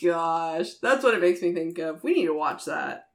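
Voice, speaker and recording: A woman's voice: on the low side, lively intonation, moderate pace. A woman co-hosting a podcast in casual banter, giggly and playful. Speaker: podcast co-host. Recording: echoey room.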